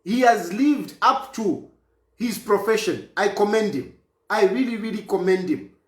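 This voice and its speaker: A man's voice: high-pitched, expressive, unhurried, roomy sound. A man from Zambia giving an emphatic political statement, repeating phrases for force.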